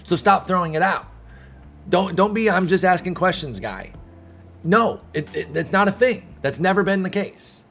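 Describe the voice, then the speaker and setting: A man's voice: high voice, very animated, unhurried, gravelly, a bit bright. A young man streaming, ranting casually to his chat, heated and rambling with many restarts. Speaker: gaming streamer. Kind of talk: casual commentary to live chat.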